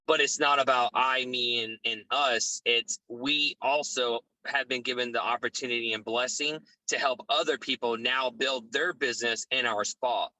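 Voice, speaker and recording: Middle-aged guy on a business podcast, talks steady and poised, bright punchy voice, mid pitch. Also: dry recording, low-quality recording. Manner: measured, poised, steady delivery. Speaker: podcast guest, business owner. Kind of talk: casual business interview.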